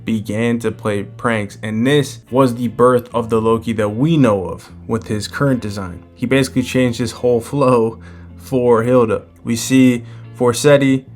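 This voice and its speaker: A man giving a relaxed, casual recap of a manga chapter and chuckling as he retells its scenes. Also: medium pitch, unhurried, soft background music.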